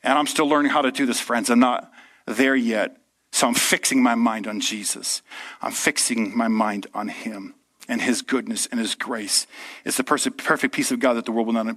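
A man preaching a sermon to a live church audience, with a lively, conversational delivery that often checks in with the room. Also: mid-range voice.

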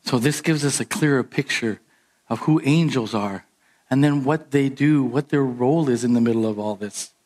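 A man preaching a sermon as pastor, animated and emphatic, jumping up in pitch on his key points. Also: normal speed.

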